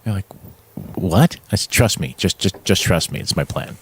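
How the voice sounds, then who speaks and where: Hosting a casual podcast, a man tells a story animatedly, acting out quotes and laughing often. His low voice has vocal fry and a moderate pace, with slight background noise behind it.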